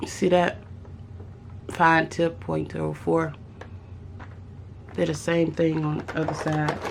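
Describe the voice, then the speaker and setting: A woman chatting casually about art supplies on her craft vlog, thinking aloud with pauses and restarts. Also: sits low, flat delivery, creaky, a little hiss or hum. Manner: musing aloud, with fillers and restarts. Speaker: craft vlogger. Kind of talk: casual unboxing chat.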